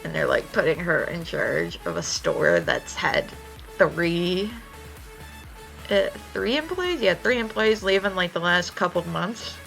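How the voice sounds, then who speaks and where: A woman's voice: lowish voice, a little slow, gravelly, faint music behind, poor audio. A young woman chatting casually while she draws on stream, telling stories with lots of swearing. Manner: chatty, swears freely, animated storytelling. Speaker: art streamer. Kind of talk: casual chat while drawing.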